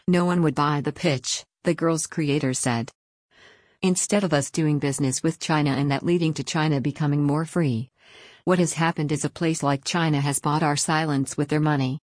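A woman reading a news article aloud in a steady, even read-aloud delivery. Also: low voice, dry recording, studio quality.

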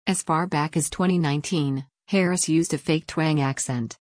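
A woman reading a written news article aloud in an even newsreader delivery, taking the text literally. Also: low-pitched, normal speed, no room sound, studio quality. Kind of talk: scripted news read-out.

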